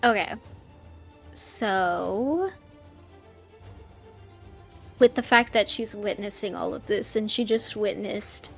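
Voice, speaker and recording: Slow, hesitant woman player. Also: mid-range voice, gravelly, soft background music. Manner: hesitant, thinking aloud. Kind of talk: tabletop game play.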